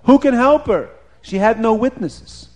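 A man telling a folk tale aloud in an expressive storytelling manner. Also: very high voice, measured pace. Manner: expressive, repeats for effect. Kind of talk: animated oral storytelling.

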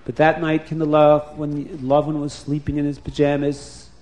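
A man's voice: fairly high pitch, completely flat delivery, normal speed, darkish tone. A man narrating a story to children, speaking expressively and addressing them directly.

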